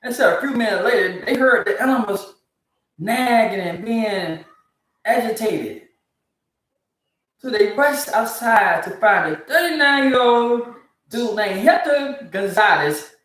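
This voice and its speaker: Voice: mid-range voice, expressive, measured pace, fairly bright tone. A speaker, ranting disbelievingly about odd news stories in a casual comedic commentary. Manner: incredulous, ranting, laughs often. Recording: very echoey, from far off the mic.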